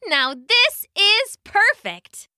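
A woman voicing an eager, easily startled little female bunny in a storybook reading, with a high, bright, exclaiming voice. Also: wildly swooping pitch, slow, no echo, clean studio sound, heavily acted. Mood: delighted.

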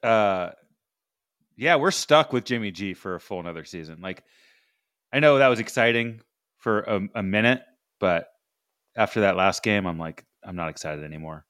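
A man's voice: lowish voice, expressive, moderate pace, long pauses, fairly bright tone, no room sound, clean studio sound. A man hosting a comedy podcast, leading segments in laid-back casual chat. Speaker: podcast host.

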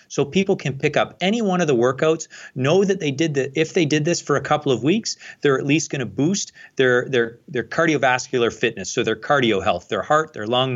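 A man who is an exercise scientist, giving measured, explanatory answers as a podcast guest. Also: medium pitch, muffled recording.

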